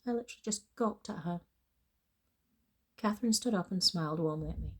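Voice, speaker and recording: A woman's voice: medium pitch, normal speed. Woman author doing a plain first-person reading of her own novel. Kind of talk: reading fiction aloud.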